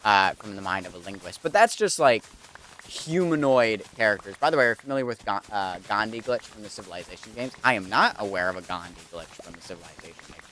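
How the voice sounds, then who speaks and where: A young man with a slightly low voice chats casually on a stream as he builds in a game. He rambles and thinks aloud, leaning on fillers and restarting his sentences. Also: animated, quick pace, bright, forceful tone, slight background noise. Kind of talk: casual chat while playing a building game.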